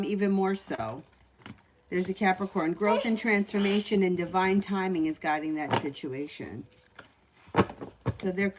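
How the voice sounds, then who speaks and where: A woman at home runs a casual tarot livestream and calls out readings in a relaxed, matter-of-fact way. She uses plenty of easy fillers. Faint noise sits under her voice. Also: medium pitch. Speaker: tarot reader.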